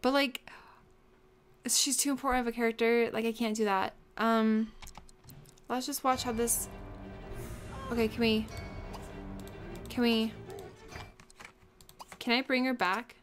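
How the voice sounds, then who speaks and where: A young woman hosts a let's play and talks over her gameplay at a computer mic. Her voice sits high, and her delivery is unhurried. She gasps and exclaims often as things happen in the game. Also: soft background music. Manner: excitable, gasping and exclaiming often. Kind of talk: casual gameplay commentary.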